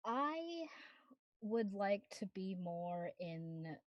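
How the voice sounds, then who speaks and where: A woman speaking as a player in a tabletop game, in hesitant, halting phrasing. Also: mid-range voice, big pitch swings, dry recording. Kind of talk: tabletop game role-play.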